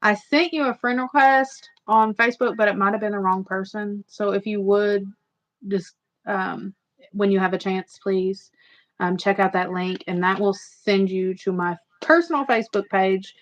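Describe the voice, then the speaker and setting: At a moderate pace, a chatty woman running a casual livestream talks on and on to her viewers. Her voice has a normal middle pitch, and the recording is somewhat muffled and lo-fi.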